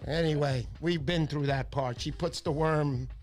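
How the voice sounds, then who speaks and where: A man hosting a casual fishing livestream, chatty and animated, with a stuffy nose from a cold. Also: on the high side, measured pace, faint music behind. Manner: chatty storyteller, animated impressions.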